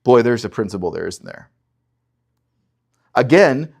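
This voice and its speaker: In an unhurried, medium-pitched voice that's gravelly and slightly rough, a male pastor works through an expository sermon. He reads scripture aloud with animated energy, pressing his listeners to look critically at every verse.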